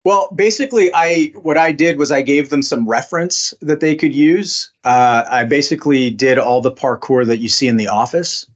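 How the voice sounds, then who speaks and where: A man's voice: medium pitch, normal speed, few pauses, lo-fi sound. A man being interviewed as a voice actor, talking casually with many fillers and restarts. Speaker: voice actor guest.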